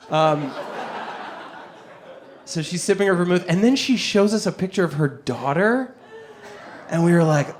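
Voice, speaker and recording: A young man doing stand-up, telling a story on stage, animated, jumping between quoted voices and laughing through his lines. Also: high-pitched, moderate pace, a little hiss or hum. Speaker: stand-up comedian. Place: comedy club stage with audience.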